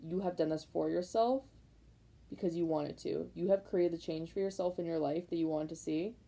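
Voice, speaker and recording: A woman's voice: on the low side, normal speed, gravelly, rough recording. A young woman doing a casual tarot reading, rambling and repeating herself with emphatic, fired-up encouragement. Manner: rambling, repetitive, emphatic, many likes; excited, fired up. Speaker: tarot reader.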